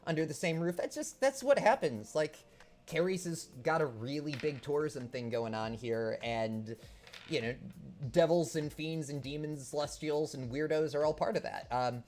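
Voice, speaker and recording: A man's voice: a little high, expressive, moderate pace, a little mellow. A man narrating as game master of a tabletop game, rambling with many fillers.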